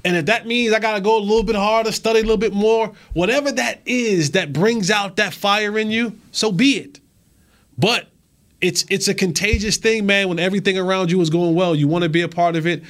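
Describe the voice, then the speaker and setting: A man co-hosting a sports talk show who talks in an animated way, stammering and repeating words. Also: high voice, fairly quick.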